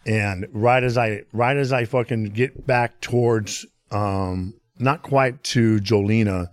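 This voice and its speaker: Speaking slowly in a lowish voice, a man guesting on a podcast rambles through a story, cursing frequently and repeating phrases like "you know what I mean." The studio-quality recording is dry.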